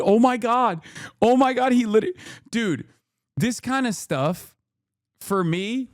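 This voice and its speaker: Male streamer, casual reaction commentary, animated incredulous ranting, smooth clear voice, dry sound. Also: fairly high pitch, no room sound. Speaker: political streamer.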